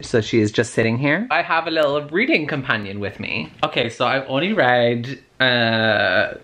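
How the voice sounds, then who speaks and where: Bright-voiced chatty Irish man. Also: medium pitch, expressive, moderate pace. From Ireland. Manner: chatty and enthusiastic, many "like" fillers. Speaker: book vlogger. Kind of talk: casual vlog chat.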